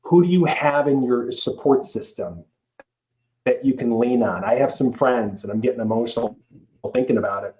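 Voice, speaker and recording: Middle-aged male life coach, podcast guest, earnest and emphatic, average pitch. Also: moderate pace, darkish tone, poor audio. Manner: earnest, emphatic, with many restarts. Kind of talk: podcast interview.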